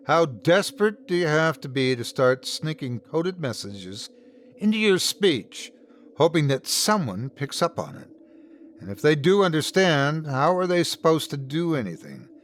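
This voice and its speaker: Male narrator for a first-person horror story, expressive and dramatic, somewhat high voice with lots of pitch movement. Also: slight background noise.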